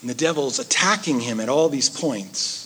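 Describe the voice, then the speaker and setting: A man preaching a sermon, swinging between loud emphasis and hushed, soft asides. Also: medium pitch, expressive, moderate pace, a little hiss or hum. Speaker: pastor.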